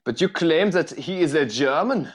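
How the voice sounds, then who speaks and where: A man co-hosting a podcast in casual chat, excitable, laughing often and tripping over his words. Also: fairly high pitch, moderate pace, breathy edge. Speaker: podcast co-host.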